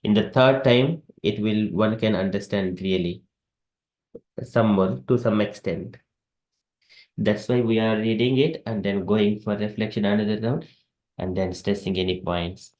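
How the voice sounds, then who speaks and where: A man leading a scripture class, explaining haltingly with restarts and repetitions. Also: on the low side, fairly even intonation, darkish tone.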